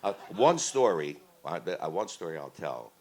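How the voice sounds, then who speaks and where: A man in his seventies, a guest at a live Q&A, telling animated anecdotes and laughing as he goes. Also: low voice, moderate pace. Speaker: interview guest, singer. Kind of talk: live Q&A storytelling. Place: event room on a cruise ship.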